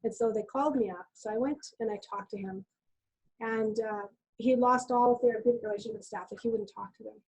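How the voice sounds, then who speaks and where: A middle-aged woman nurse speaking as a webinar guest, calm and reflective, telling stories from her work. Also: fairly high pitch, fairly quick, breathy edge, rough recording. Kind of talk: conversational webinar talk.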